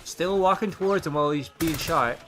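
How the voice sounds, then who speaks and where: A man's voice: on the high side, a little fast, background noise. A man giving sarcastic, mocking reaction commentary over stream clips.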